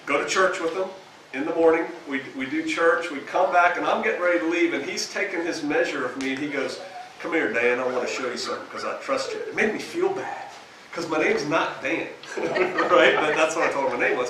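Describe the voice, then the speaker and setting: A man's voice: on the high side, moderate pace, noisy background. A man, a pastor, telling chatty stories to a live audience in a folksy way, laughing at his own tales. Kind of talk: storytelling seminar talk to a live audience. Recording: echoey room recorded from a distance.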